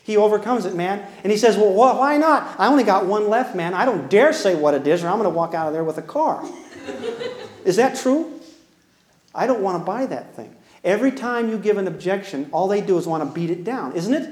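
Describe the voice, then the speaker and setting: A man's voice: sits high, animated, fairly quick, a little mellow. A man giving a humorous parenting seminar to an audience, folksy and teasing, acting out both sides of little dialogues as he goes. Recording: echoey room.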